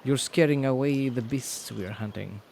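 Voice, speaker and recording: Curt hunter, as a game master puts him on. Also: male voice, mid-range voice, creaky, darkish tone, slight background noise, lightly acted. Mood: annoyed. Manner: curt, measured. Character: gruff, impatient male hunter.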